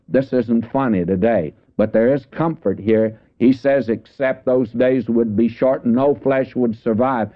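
An older man giving a folksy, emphatic sermon, explaining scripture verse by verse with asides to his listeners. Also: mid-range voice. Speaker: Bible teacher. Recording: tinny phone-like old broadcast recording.

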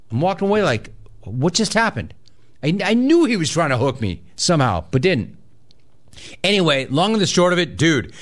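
A man hosting a sports call-in radio show, animated and joking with callers. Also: fairly high pitch. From California. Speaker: radio talk show host. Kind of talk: casual sports radio chat.

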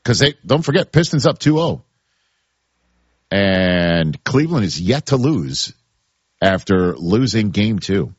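Husky New York man on sports radio. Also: fairly low pitch, sing-song, takes it slowly, dry recording, dull audio. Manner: emphatic, repeats points for stress. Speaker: sports talk host. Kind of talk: sports talk radio banter.

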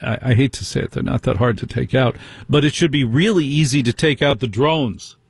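A middle-aged male talk radio host with a husky voice and a dry, close sound. He talks in an indignant way and keeps firing rhetorical questions at his listeners. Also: mid-range voice, fairly quick, no echo. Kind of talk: call-in talk radio monologue.

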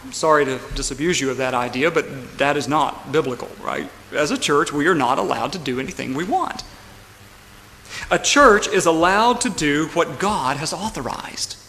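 A man preaching a sermon from the pulpit, emphatic and building to loud climaxes, often checking in with the congregation. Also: on the high side, animated, normal speed. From United States. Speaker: pastor. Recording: long church reverb, faint room noise.

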